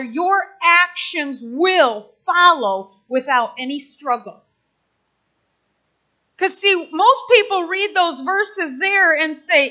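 A woman's voice: extremely high pitch, bright, forceful tone, highs cut off. A middle-aged woman pastor preaching a sermon in an impassioned, conversational way, acting out quotes as she goes.

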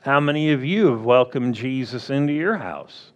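A man preaching a sermon as pastor, drawing out words and acting out quick playful quotes. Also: mid-range voice, expressive. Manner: slow, drawn-out delivery with playful acted-out quotes.

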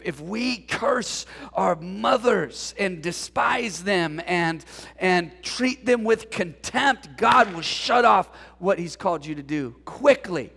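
A male pastor preaches in an animated call-and-response style and jokes with his congregation. His voice sits high for a man and has a gravelly edge with some huskiness. The sound carries a long reverb from the church hall. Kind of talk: sermon. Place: church sanctuary.

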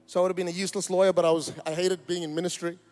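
A man's voice: high-pitched, level tone, rapid-fire, a little mellow. A man, preaching a sermon in a church, emphatic and rousing with joking asides. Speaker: pastor. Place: church auditorium.

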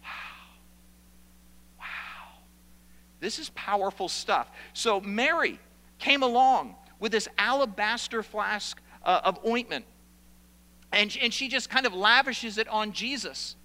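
A man preaching a sermon as a pastor, animated and repeating phrases for emphasis. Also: high-pitched, a little slow, big-room sound.

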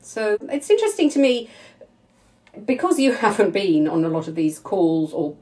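A woman's voice: medium pitch, big pitch swings, normal speed, a little mellow. A woman interviewing a guest in conversation, emphatic and effusive.

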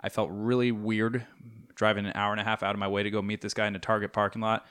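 A man's voice: on the low side, fast, smooth. A young man co-hosting a casual podcast, telling long rambling stories with lots of fillers. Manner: rambling, animated storytelling with fillers. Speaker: podcast co-host. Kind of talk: casual chat.

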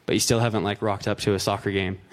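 A man's voice: lowish voice, level tone, fast. A man preaching a conversational sermon. He reads scripture aloud, then explains it in plain, joking asides peppered with "like" and "right?".

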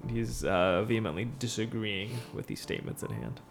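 A man running a tabletop game as game master, narrating in a halting way with many fillers. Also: fairly low pitch, vocal fry, faint music behind.

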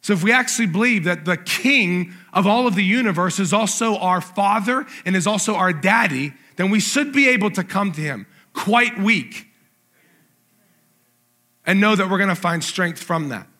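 Man, pastor, preaching, earnest, high voice, bright tone. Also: lively intonation, normal speed. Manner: earnest, reads scripture aloud with emphasis. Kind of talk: sermon.

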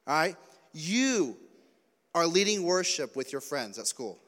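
A man preaching a youth sermon, telling animated stories, acting out quotes and joking along the way. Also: fairly high pitch, measured pace. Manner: animated storytelling, acts out quotes, jokey asides. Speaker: youth pastor. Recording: long hall reverb.

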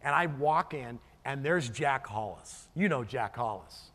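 A man's voice: medium pitch, expressive, a little slow, fairly bright tone, in a large hall. A middle-aged man preaching a sermon as pastor, earnest and storytelling, often restarting and repeating words.

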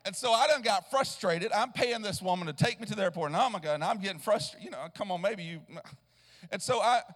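A man's voice: high-pitched, animated, quick pace, fairly bright tone, in a large hall. A man, a traveling evangelist preaching a sermon in a church, telling a story with restarts and rising into a chanted preaching cadence. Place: church sanctuary.

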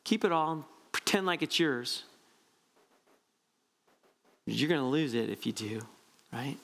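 A man preaching a conversational, animated sermon, often asking "right?" to his listeners. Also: mid-range voice, unhurried, gravelly. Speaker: pastor.

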